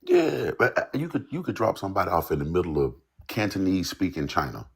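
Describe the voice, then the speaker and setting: A man, a songwriter guest, telling a personal story casually, rambling and halting in places. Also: sits low, sing-song, vocal fry, slightly rough. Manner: loose, rambling, repeats "you know what I'm saying".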